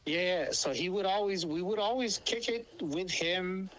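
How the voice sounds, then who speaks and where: A man's voice: sits high, moderate pace, fairly bright tone, soft background music, rough recording. A man telling rambling stories as a co-host, with heavy swearing and many fillers and restarts. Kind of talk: casual storytelling chat.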